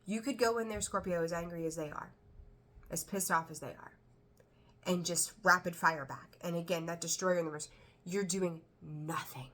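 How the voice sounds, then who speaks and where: A woman's voice: fairly low pitch, normal speed, a bit bright. A woman giving a casual tarot reading, talking bluntly and chattily, swearing now and then. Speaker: tarot reader.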